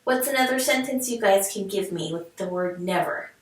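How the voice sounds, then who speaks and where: A woman teaching a reading lesson to young children, sounding words out slowly and syllable by syllable, cheerful and encouraging. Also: mid-range voice. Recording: echoey room, mic at a distance.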